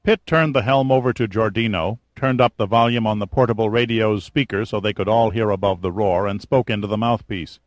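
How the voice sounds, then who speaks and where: A man reading an audiobook's narration in an even, measured way. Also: fairly low pitch, no echo.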